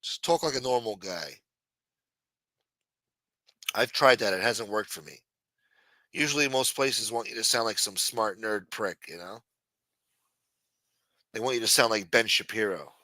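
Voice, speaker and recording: A man's voice: on the low side, measured pace, pauses often, sharp tone, no room sound. A man from New York with a New York accent hosting a late-night show, rambling and swearing in a sarcastic casual monologue. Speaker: host.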